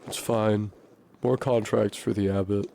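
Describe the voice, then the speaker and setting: A streamer voicing a tired, ambitious young monk in flat, unhurried game dialogue. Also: male voice, lowish voice, creaky, slight background noise, pitched below the performer's own voice. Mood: weary.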